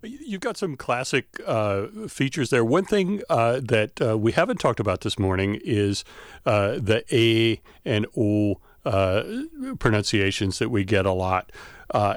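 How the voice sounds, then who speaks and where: A middle-aged man explaining features of speech as an expert guest in a radio interview, pausing often with "uh". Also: medium pitch, no room sound, studio quality. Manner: explanatory, with frequent "uh" fillers.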